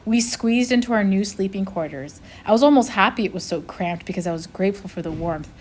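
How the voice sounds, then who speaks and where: A woman, a teacher, reading a chapter of a novel aloud with expressive storytelling. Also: medium pitch, a little fast, slight background noise.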